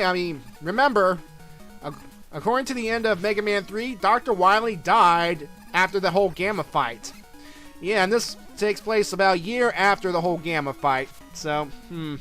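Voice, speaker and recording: Narrating a video game playthrough as a let's play commentator, a man rambles casually, stumbling through fillers, restarts, and self-corrections. He has a high-pitched voice that is pushed and bright.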